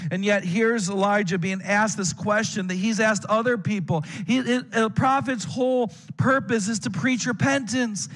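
A pastor delivers a sermon in a somewhat high male voice. He speaks earnestly to his congregation and often repeats a word as he restarts a phrase. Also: big-room sound. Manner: earnest preaching to students and adults, frequent stammered restarts.

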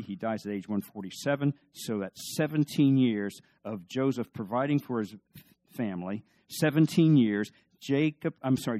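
A man's voice: medium pitch, mellow. A man preaching a sermon as pastor, emphatic, asking the listeners questions.

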